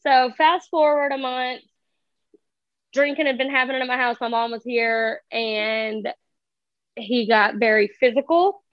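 Casting: high-pitched woman, animated and profane storyteller, dry dull recording. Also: a little slow, no echo. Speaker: guest telling a story. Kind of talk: casual storytelling chat.

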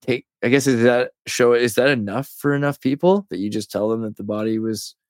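A man in his thirties from California, a podcast guest telling rambling, animated stories in casual conversation. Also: mid-range voice, fairly quick, no room sound, studio quality. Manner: rambling, animated storyteller who says "dude" and "like".

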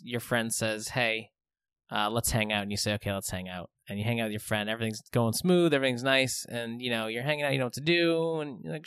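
A man in casual comedic banter who rambles into goofy made-up scenarios and keeps them going. His voice sits at a middling pitch. It sounds close and dry, with no room around it. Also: fairly bright tone, clear, resonant tone, dry recording. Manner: joking, spins long silly bits. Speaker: podcast co-host.

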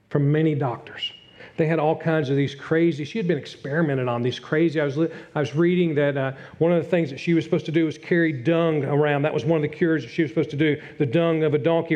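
A middle-aged man preaching a sermon as pastor, earnest, dropping to a hush and rising again. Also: on the high side. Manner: earnest, swings from loud to hushed. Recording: dull lo-fi sound.

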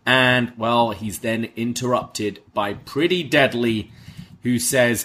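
A man's voice: mid-range voice, slow, fairly bright tone, a little hiss or hum. A man, co-hosting a podcast and giving a casual recap of a wrestling show. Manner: recaps the show, acting out quoted lines. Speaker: podcast co-host.

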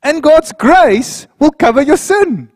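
A preacher putting on a sly, wheedling devil. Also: male voice, very high-pitched, animated, takes it slowly, no echo, studio quality, long reverb tail, pitched above the performer's own voice, full character voice. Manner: wheedling, insinuating questions. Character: sly tempting male devil.

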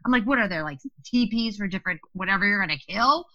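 A middle-aged woman hosting a podcast, telling a funny story with lively, profane retellings of her own reactions. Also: mid-range voice, fast talker, no echo, highs cut off. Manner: animated, swears freely, acts out her own past lines. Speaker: podcast host.

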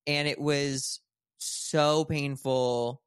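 A man co-hosting a podcast, talking slowly and evenly. His voice is smooth and clear, and the recording is dry. He listens closely and responds with measured support. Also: a little high, fairly even intonation, dry recording. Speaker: podcast co-host and friend. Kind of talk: casual chat.

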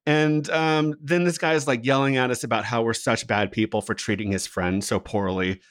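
A man's voice: mid-range voice, moderate pace, clear, resonant tone, dry recording, clean studio sound. Laughing storyteller man on a podcast. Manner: storytelling, animated, laughs often. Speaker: podcast co-host. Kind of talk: casual chat.

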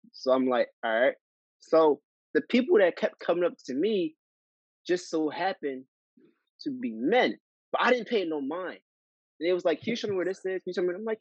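Man hosting a podcast, lively storytelling. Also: on the high side, no echo, muffled recording. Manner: animated storyteller, acts out dialogue. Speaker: podcast host. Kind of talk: casual chat.

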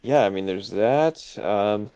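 Man, casual sports podcast co-host, hesitant, filler-heavy, dark mellow tone, lo-fi audio. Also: fairly low pitch, takes it slowly, smooth. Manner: hesitant, many fillers, chuckling asides.

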